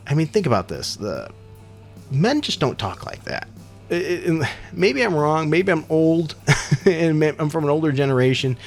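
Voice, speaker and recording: A middle-aged man talks through his weekly comic picks in a rambling, opinionated way, his gravelly voice rising and falling a lot. Faint music plays behind him. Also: medium pitch. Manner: opinionated, rambling, self-deprecating asides. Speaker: comic book reviewer. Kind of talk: casual comic review monologue.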